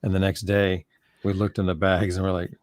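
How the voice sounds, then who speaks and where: A man co-hosting a casual podcast chat, relaxed and rambling, often restarting his sentences. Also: low-pitched, a little fast, no echo. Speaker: podcast co-host.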